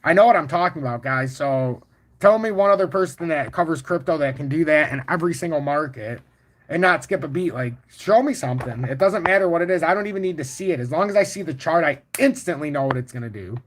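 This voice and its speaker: A man's voice: a little high, fast talker. Boastful, swearing man hosting a livestream. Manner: boastful and confident; profane, animated storytelling. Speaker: crypto livestream host. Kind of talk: casual livestream chart talk, answering chat.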